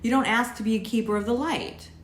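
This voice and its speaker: A woman voicing a wise female earth spirit who speaks in a calm, lofty, urging way, recorded in an echoey room. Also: fairly high pitch, fast, voice pushed up, close to an everyday voice.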